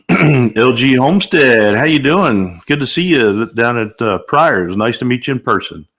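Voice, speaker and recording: A man's voice: medium pitch, expressive, unhurried, fairly bright tone. Older man hosting a chatty live stream. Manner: upbeat, greets viewers by name, lets out whoops. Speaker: livestream host. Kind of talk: casual live-stream chat.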